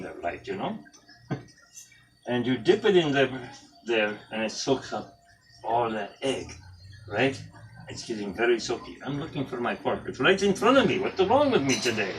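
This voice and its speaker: In his home kitchen, a man casually demonstrates a breakfast recipe, chatting, joking, and wandering into rambling asides. His mid-range voice sounds distant, with music playing behind and a slight hiss or hum.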